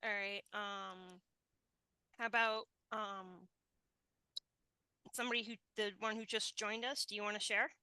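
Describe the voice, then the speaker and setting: Woman host, bright clear voice, slow unhurried pace, gentle halting manner, dry close sound. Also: medium pitch, little pitch movement, dry recording, rough recording. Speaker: podcast host. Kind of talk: casual group chat.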